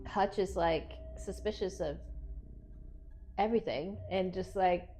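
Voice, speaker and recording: A woman's voice: on the low side, measured pace, warm tone, faint music behind, poor audio. A woman co-hosting a casual film review podcast, retelling scenes with animation and acting out the characters' lines. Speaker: podcast co-host.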